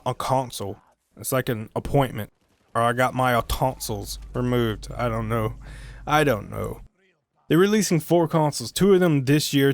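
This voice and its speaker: Male gaming vlogger, mid-range pitch, resonant voice, dry close sound, rambling self-mocking delivery. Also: clean tone, no echo. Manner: joking, self-mocking, sidetracked asides; stumbles and restarts often. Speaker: gaming video creator. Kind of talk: rambling solo gaming commentary.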